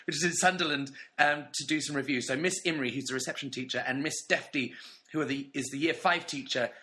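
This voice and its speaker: Bright-voiced man, playful podcast co-host. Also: on the high side, steady tone, fast talker. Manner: playful, jokey, reading reviews aloud. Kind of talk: casual podcast chat.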